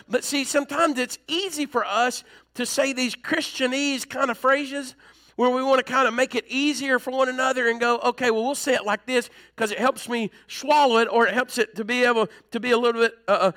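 A male pastor delivering an emphatic sermon, climbing higher as he presses his points. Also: fairly even intonation, fairly quick, sharp tone. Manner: emphatic, rising in pitch when preaching hard.

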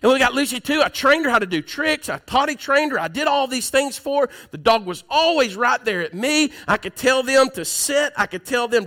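A man delivers a sermon in a church, his voice sitting high for a man. He preaches by telling stories in a chatty way and keeps calling out to his congregation. His tone is bright and forward. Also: animated, brisk. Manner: conversational storytelling, addressing the congregation.

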